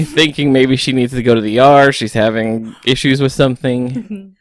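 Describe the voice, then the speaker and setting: A man co-hosting a podcast, telling a story slowly and laughing often. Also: mid-range voice, expressive, dry recording, clean studio sound. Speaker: podcast co-host. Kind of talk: casual chat.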